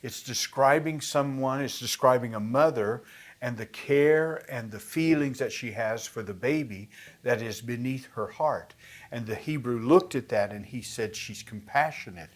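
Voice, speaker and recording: A man's voice: mid-range voice, measured pace. A man teaching a Bible study lesson, explaining words in a conversational way and reading scripture aloud with emphasis.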